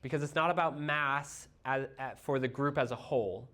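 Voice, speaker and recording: A man's voice: medium pitch, moderate pace, bright, forceful tone. A man with a Midwestern accent reviewing chemistry for a class, explaining step by step with everyday analogies and quizzing his students. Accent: Midwestern American. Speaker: chemistry teacher.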